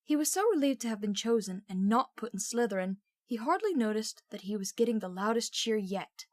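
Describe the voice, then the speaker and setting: A woman reading a novel aloud with steady, expressive storytelling. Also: fairly high pitch, a little fast, dry recording, clean studio sound. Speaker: audiobook reader.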